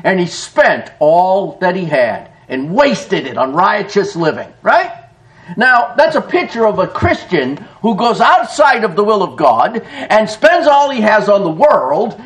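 High, animated preaching man. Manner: animated preaching, laughs often, addresses listeners as folks. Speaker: pastor. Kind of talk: sermon.

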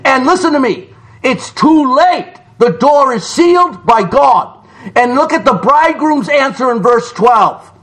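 A man preaching a fiery sermon, reading scripture, shouting for emphasis and dropping to low, quiet asides. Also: animated, unhurried. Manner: shouts for emphasis, swings between loud cries and low asides.

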